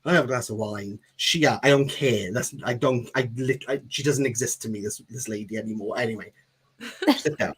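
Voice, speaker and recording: A man's voice: medium pitch, fairly quick, husky. A man on a podcast, telling a rambling comic story and acting out the people in it. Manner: animated, rambling, acts out quoted voices. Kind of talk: casual chat, comic storytelling.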